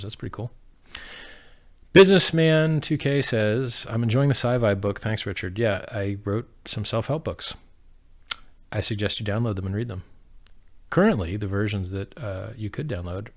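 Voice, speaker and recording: Blunt, low-voiced man on a livestream. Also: gravelly. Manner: profane, blunt, offhand. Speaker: livestream host answering chat. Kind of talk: casual livestream Q&A. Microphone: studio dynamic mic with foam pop filter.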